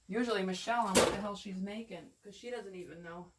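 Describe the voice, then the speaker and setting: A woman's voice: mid-range voice, quick pace, hardly any pauses, a little hiss or hum. A woman giving a casual, rambling live craft lesson on wreath making, chatting with viewers and answering their comments as she works.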